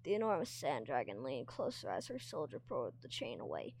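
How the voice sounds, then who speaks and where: A woman's voice: rumbling low, huge pitch swings, fairly quick, creaky, few pauses, a little mellow, husky. A woman reading a novel aloud expressively, now and then tripping over words and commenting on the characters. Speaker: reader and teacher.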